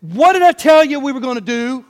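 Man playing a stern Jesus, high voice, blunt scolding. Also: animated, a little fast. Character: stern exasperated Jesus scolding his disciples.

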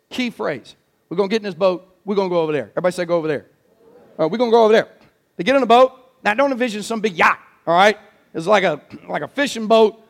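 A man preaching a sermon in an animated, joking, emphatic way. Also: very high voice. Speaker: pastor.

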